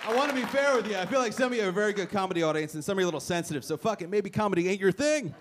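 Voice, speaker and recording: A man's voice: high-pitched, racing. A young man doing a brash stand-up set in a comedy club, teasing the crowd with punchy timing. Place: comedy club stage before a live crowd. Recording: live club recording with audience noise.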